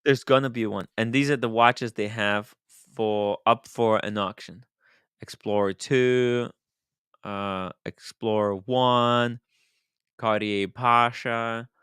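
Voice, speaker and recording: Man, show host, casual chat, bright voice, smooth, animated, laughs often. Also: medium pitch, slow pace, no echo, studio quality.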